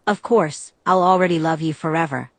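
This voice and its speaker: A sweet young vampire woman, put on by a female narrator, coaxing and affectionate. Her lines rise higher than the narration, close and dry. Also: moderate pace, dry recording.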